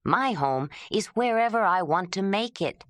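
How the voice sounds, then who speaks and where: A woman's voice: medium pitch, lively intonation, unhurried, fairly bright tone, no room sound, studio quality. A woman voicing a grieving young wanderer, speaking with raw, defiant emotion in an audiobook. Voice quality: pleading, emotional. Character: proud young man, grieving, restless wanderer.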